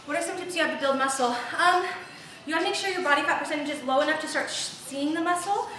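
Quick-paced and sharp, a young woman's high voice coaches a live workout over a little hiss or hum, upbeat and cheering through the reps though out of breath. She is a fitness instructor on a large, empty home gym floor. The room is echoey and the mic sits far off.

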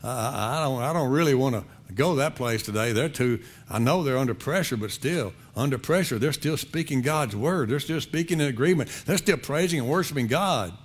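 A man's voice: medium pitch, animated, fairly quick, hardly any pauses, husky. A man voicing a reluctant male demon who hesitates and stammers, in a sermon. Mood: hesitant.

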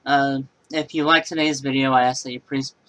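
A man's voice: medium pitch, fairly even intonation, fairly quick, sharp tone, poor audio. A man casually talking through a laptop repair in a how-to vlog, rambling and matter-of-fact. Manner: rambling, many fillers and restarts. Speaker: computer repair vlogger.

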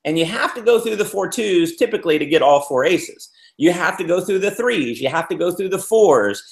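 This business speaker's voice sits high, with vocal fry, and he talks a little fast. Giving a motivational talk, he tells stories and animatedly acts out what people said, all captured with a roomy echo.

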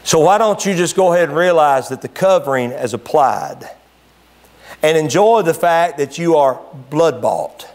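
Preaching at a church service, a pastor with a high voice is animated and fervent, keeping a moderate pace. The sermon rises to loud, high peaks and then dips to quiet, low stretches.

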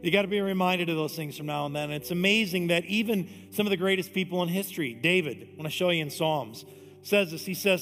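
A man's voice: fairly high pitch, fairly quick, a bit bright. A pastor in his forties giving a casual, conversational sermon, often dropping in "man". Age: 40s. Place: church sanctuary. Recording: long hall reverb, music behind.

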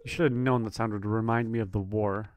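A man reading game dialogue as a bitter middle-aged male war veteran, in a quiet, low-key voice. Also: moderate pace, natural voice.

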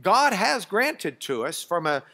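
A man teaching a Bible class, chatty and halting, with restarts and dry asides. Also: high-pitched, big pitch swings, sharp tone. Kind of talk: classroom lesson with a guest.

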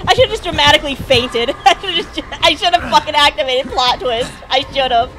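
A woman's voice: high voice, moderate pace, music in the background. A woman giving casual, jokey commentary while streaming a video game, talking to the characters on screen. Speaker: gameplay streamer.

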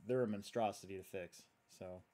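A man's voice: fairly low pitch, steady tone, normal speed, mellow. Chatty man at his workbench. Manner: rambling, chatty, reads viewer comments aloud. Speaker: host. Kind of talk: casual livestream chat while building.

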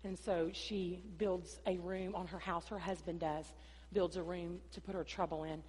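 A woman pastor preaching a sermon, swinging between loud, emphatic passages and quieter storytelling, sometimes acting out voices. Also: lowish voice, steady tone, moderate pace, slightly rough. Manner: preaching with dramatic rises and drops, acting out dialogue. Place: church sanctuary. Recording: long church-hall reverb.

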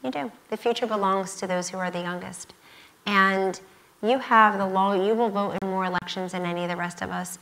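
On stage at a student conference, this guest speaker, a woman in her fifties, talks fairly quickly in a medium-pitched, fairly bright voice with fairly even intonation. She's emphatic and repeats key phrases, though the recording is rough.

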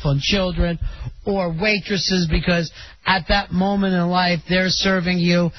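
A man with a high, light voice hosts a talk radio call-in show. His commentary is wry and drawling. The sound is dull and lo-fi, like an old radio broadcast. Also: flat delivery, unhurried, no room sound. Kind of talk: talk radio chat with callers.

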